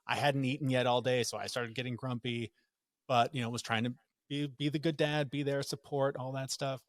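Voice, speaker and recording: A man's voice: mid-range voice, fairly quick, dry recording, clean studio sound. A middle-aged man, a podcast guest, telling a family story in casual talk and acting out the quotes. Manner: animated, acts out quotes in raised voice.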